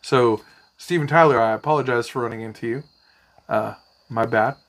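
A man's voice: mid-range voice, normal speed. A man casually telling a long, rambling story in a podcast chat, swearing freely. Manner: rambling, profane, animated anecdotes. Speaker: podcast co-host.

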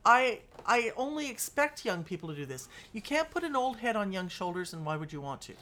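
A woman from California co-hosting a podcast, chatting casually in an emphatic, animated way, laughing often and swearing now and then. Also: medium pitch, a little fast. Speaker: podcast co-host. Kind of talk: casual chat.

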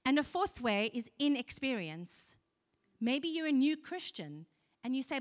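A woman's voice: high-pitched, sing-song, a little slow. A woman preaching a sermon, earnest and conversational, asking the congregation questions. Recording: long hall reverb.

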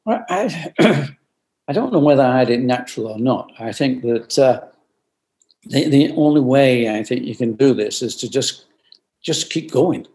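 An older man, a company founder, giving earnest reflective interview answers over a remote video call, often repeating phrases and clearing his throat. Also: medium pitch, animated, a little slow, warm tone, low-quality recording. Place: at home in France.

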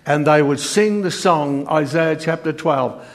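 Reading from scripture during his sermon, an older preacher sounds earnest yet halting, often restarting and using many fillers. His pitch is on the high side.

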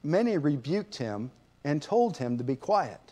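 A man's voice: a little high, very animated, measured pace, warm tone. A man teaching a sermon lesson in a conversational way, asking his listeners rhetorical questions. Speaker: preacher.

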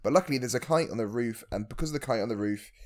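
A man co-hosting a podcast, recapping a film with wry, deadpan jokes about its themes. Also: mid-range voice, rapid-fire. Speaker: podcast co-host. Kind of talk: casual film recap chat.

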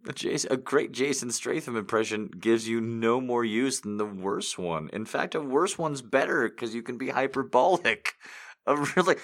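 A man chatting casually and rambling to his audience, joking, swearing and laughing a lot, and saying he is high. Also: animated, a little slow, fairly bright tone. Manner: joking, profane, laughs often. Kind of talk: rambling casual chat with impressions.

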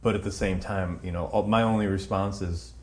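A man's voice: deep voice, fairly even intonation, normal speed, a little mellow, a little hiss or hum. A man hosting an interview podcast, talking casually with frequent stammers and restarts. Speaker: podcast host.

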